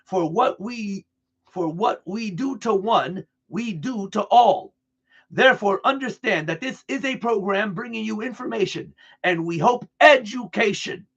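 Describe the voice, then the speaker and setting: High-voiced man reading aloud earnestly. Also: gravelly, fairly bright tone, husky, lo-fi sound. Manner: earnest, deliberate delivery with restarts over words. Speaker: reader.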